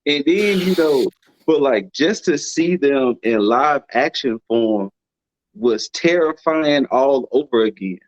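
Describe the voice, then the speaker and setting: A man's voice: medium pitch, lively intonation, slow pace, no echo, rough recording. A man co-hosting a podcast in casual chat, with a laid-back manner and free swearing. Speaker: podcast co-host.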